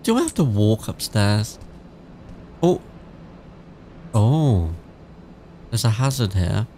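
A man's voice: fairly low pitch, sing-song, takes it slowly, dark tone, a little hiss or hum. A man with a British accent giving casual, chatty let's-play commentary, swearing freely and reading game text aloud. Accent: British English. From England. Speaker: gaming YouTuber.

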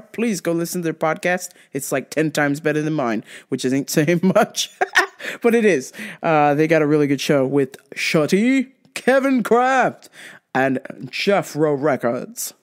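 A woman's voice: fairly low pitch, lively intonation, a little slow. A woman hosting a podcast, ranting bluntly and casually, swearing constantly. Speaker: podcast host. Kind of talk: casual profane rant.

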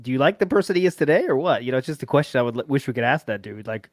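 A man's voice: medium pitch, very fast, hardly any pauses, no room sound, studio quality. A man co-hosting a podcast in a rambling, casual chat, laughing often. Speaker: podcast co-host.

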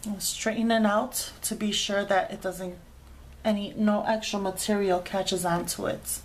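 A woman's voice: medium pitch, steady tone, measured pace, a little hiss or hum. A woman hosting a craft tutorial, chatting casually as she explains each sewing step with frequent fillers.

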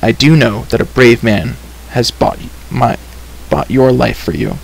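A man's voice: mid-range voice, unhurried, vocal fry, slight background noise, low-quality recording. A man voicing a grieving young hero who speaks in a stern, bitter way, in a storybook reading.

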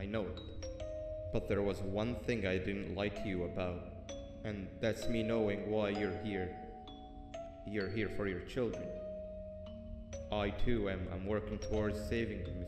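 An actor playing a secretive male monster who speaks through glass in a measured, confiding way. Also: on the low side, lightly acted. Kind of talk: video game voice acting. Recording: echoey hall with loud music.

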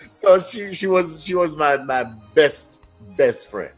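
A man from Jamaica with a Jamaican accent, a guest telling lively stories in a casual interview. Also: fairly high pitch, slow, hardly any pauses, faint music behind. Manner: lively, anecdotal, trailing-off phrases.

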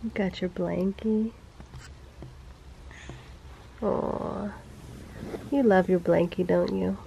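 A mother filming a family vlog at home, talking to her little ones in gentle baby talk. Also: medium pitch, fairly even intonation, slow, gravelly, slight background noise, rough recording.

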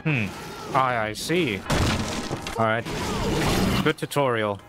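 A man's voice: mid-range voice, slow pace. A man casually commentating while playing a video game, laid-back and joking, reading tips aloud. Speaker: gaming video host. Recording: voice over loud game music.

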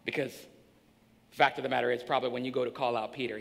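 A male pastor preaching a sermon in a church, swinging between hushed and shouting. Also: mid-range voice, steady tone, rapid-fire, creaky. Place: church sanctuary. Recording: long hall reverb.

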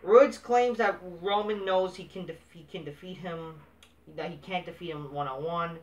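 A man's voice: high voice, normal speed, far from the mic, dull audio. A man recapping a wrestling show in a casual, profane, dismissive way, swearing constantly. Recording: echoey room, off-mic.

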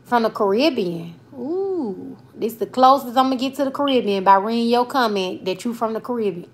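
A woman's voice: on the high side, lively intonation, a little fast. Playful Southern woman in her twenties. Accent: Southern US, Alabama. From Alabama, US. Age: 20s. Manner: loose, playful, talks straight to viewers with Southern slang. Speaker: comedian and livestream host. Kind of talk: casual livestream chat reading viewer comments.

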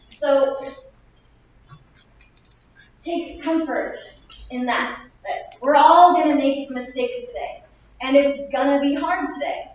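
Young woman opening speaker, high and bright-spirited talk, self-mocking; distant, boomy lo-fi room capture. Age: 20s. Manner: upbeat, chatty, self-mocking. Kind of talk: motivational speech. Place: classroom. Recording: echoey lo-fi room recording from far off.

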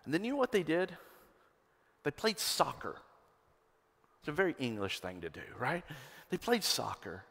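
A man preaching a sermon as pastor, rising to loud emphatic peaks and dropping to hushed lows. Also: huge pitch swings, moderate pace, creaky, pauses often. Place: church sanctuary. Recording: long hall reverb.

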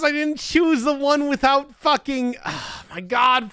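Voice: sits high, animated, unhurried, few pauses, bright, forceful tone, no echo, clean studio sound. A live-streamer chatting casually, grumbling in exasperation, cursing, and laughing often. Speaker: livestreamer.

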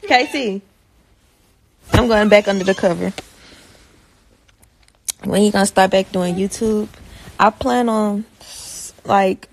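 A woman's voice: mid-range voice, takes it slowly, long pauses. A young woman, a mother filming her baby, chatting casually and slangily to her viewers. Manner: laid-back, slangy, talks to viewers and baby. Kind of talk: casual vlog chat.

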